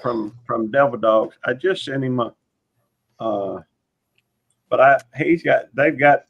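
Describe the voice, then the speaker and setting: A man rambling in casual chat, halting with fillers and restarts. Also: mid-range voice, vocal fry, slightly rough. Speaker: live stream panelist. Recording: dull lo-fi stream audio.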